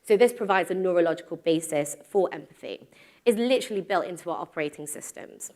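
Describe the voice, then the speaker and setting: A woman's voice: fairly low pitch, lively intonation, fast, darkish tone. A woman in her thirties giving a live conference talk to an audience, casual and self-deprecating, with frequent ums. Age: 30s. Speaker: conference speaker. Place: stage before a live audience.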